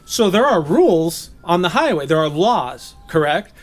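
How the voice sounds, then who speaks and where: A man from Southern California giving a relaxed, chatty sermon, laughing often and slipping into playful voices. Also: on the high side, normal speed, soft background music. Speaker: preacher. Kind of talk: casual sermon teaching. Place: gathering.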